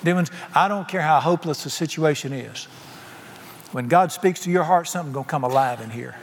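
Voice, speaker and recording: Man, preacher, folksy animated sermon, slightly high voice, long reverb. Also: a little fast, slight background noise. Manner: folksy, animated storytelling with sudden pitch jumps. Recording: reverberant hall with faint ambience.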